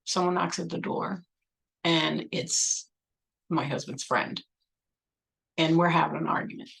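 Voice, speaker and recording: A woman speaking to her viewers in a low, gravelly voice, telling a personal story in a loose, chatty way. She leans on "like" and "you know" and acts out her own replies as the story unfolds. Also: steady tone, measured pace, fairly bright tone, low-quality recording. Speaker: vlogger.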